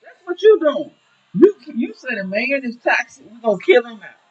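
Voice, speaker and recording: A high-voiced man preaches his point in a casual talk, husky and emphatic, his pitch swinging widely. The recording sounds dull and lo-fi. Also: sing-song, moderate pace. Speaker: minister. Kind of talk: casual talk show discussion.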